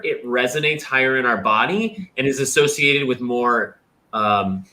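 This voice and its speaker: A young man hosting a livestream, chatting casually and explaining his ideas with lively vocal demonstrations. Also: mid-range voice. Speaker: host.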